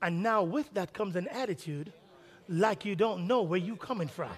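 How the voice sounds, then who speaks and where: A man preaching a sermon as pastor, animated, repeating lines for emphasis. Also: sits high, normal speed, husky, big-room sound. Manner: animated, acts out quoted dialogue, repeats phrases for emphasis.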